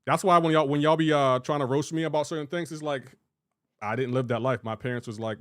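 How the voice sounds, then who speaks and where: A man's voice: mid-range voice, fairly even intonation, a little fast, no room sound, studio quality. A man from Delaware streaming a game, chatting casually, rambling and restarting his sentences as he answers chat. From Delaware, USA.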